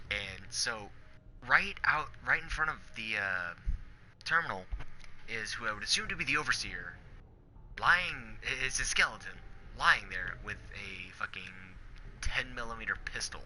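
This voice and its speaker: A man's voice: fairly low pitch, lively intonation, measured pace, pushed and bright, slight background noise. A man chatting casually over gameplay, profane and rambling, swearing and joking. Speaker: gamer.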